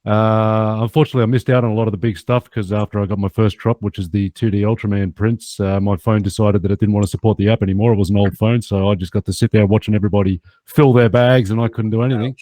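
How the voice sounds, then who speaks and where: A man's voice: on the low side, little pitch movement, quick pace, few pauses, dark tone, no echo. A man with an Australian accent chatting casually on a panel, upbeat and self-deprecating. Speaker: podcast panelist. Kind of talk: casual chat.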